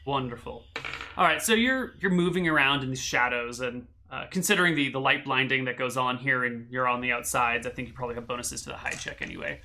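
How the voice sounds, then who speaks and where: Bright-voiced man running a tabletop game. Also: mid-range voice, fast, a little hiss or hum. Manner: relaxed, filler-heavy narration with many restarts. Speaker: game master.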